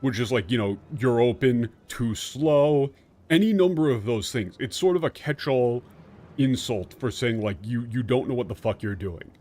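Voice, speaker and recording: A male streamer explains a game's lines at length, in a loose and chatty way. He gets animated and swears often, talking into a streaming mic. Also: mid-range voice, moderate pace. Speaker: streamer translating a game. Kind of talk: casual game commentary.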